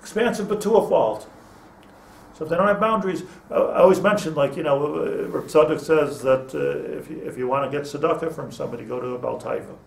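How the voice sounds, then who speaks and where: Gravelly rabbi in an echoey classroom. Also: male voice, fairly high pitch, fairly quick. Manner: chatty, restarts phrases, mixes in Hebrew terms. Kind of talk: informal Torah lecture. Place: classroom with students. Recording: roomy echo, mic at a distance.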